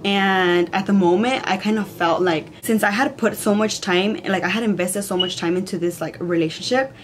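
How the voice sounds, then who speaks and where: A young woman vlogger tells a story in casual chat, rambling along and saying "like" constantly. Her voice is mid-range and her pace moderate, with a bit of hiss or hum in the background.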